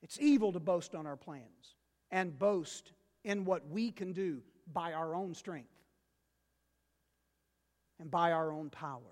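A male pastor preaching with a high voice, driving points home by repeating key words. His delivery moves between loud emphasis and quiet asides. A long reverb trails his words through the church. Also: slow, long pauses. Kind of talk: sermon.

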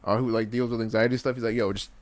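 Young man, casual chat, slangy animated storytelling, mid pitch, dry close sound. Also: racing, no room sound.

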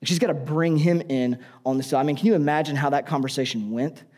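A man's voice: on the high side, quick pace, a little mellow. A man preaching a sermon in a conversational, joking way, often asking the audience questions.

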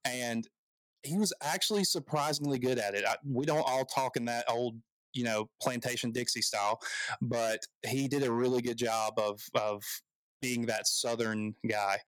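A man's voice: medium pitch, steady tone, moderate pace, a bit bright, no room sound, rough recording. A man from the American South co-hosting a movie podcast, chatting with enthusiasm and plenty of restarts. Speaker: podcast co-host. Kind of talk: casual movie chat.

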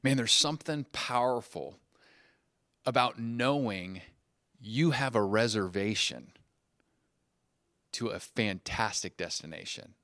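A male pastor preaching a sermon in a church, telling stories with lively acted-out dialogue. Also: lowish voice, takes it slowly, pauses often, no echo, studio quality. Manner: animated storyteller who acts out dialogue.

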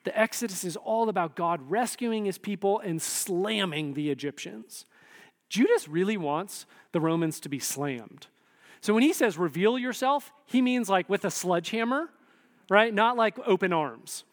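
Animated man preaching in a reverberant hall. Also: sits high, normal speed. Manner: conversational, animated, frequent "right?" asides. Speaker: pastor. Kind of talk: sermon.

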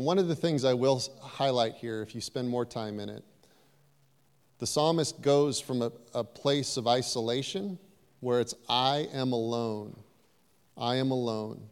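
Man pastor mid-sermon, mid-pitched, lively asides, long hall reverb behind him. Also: clean tone. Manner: animated preacher acting out voices, playful asides.

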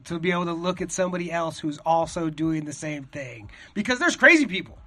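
A man's voice: a little high, fairly quick. A male stand-up comic chatting animatedly, swearing heavily and acting out quotes. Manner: animated, profane, acts out quoted voices. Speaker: stand-up comedian, podcast guest. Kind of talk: casual chat.

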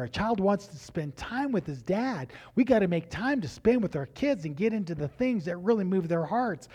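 A middle-aged man preaching as a pastor, telling family stories with halting restarts and acting out the dialogue. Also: sits high. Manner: animated, acts out dialogue in raised voices; halting restarts and repeated words. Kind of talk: storytelling sermon.

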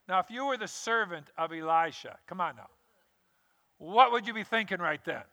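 A male pastor preaching a sermon, telling a scripture story with lively acted-out quotes. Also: high voice, normal speed, long reverb tail.

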